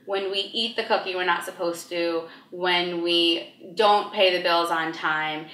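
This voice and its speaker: Bright woman explaining clearly. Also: on the low side, steady tone, a little slow. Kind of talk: interview answer. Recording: roomy echo.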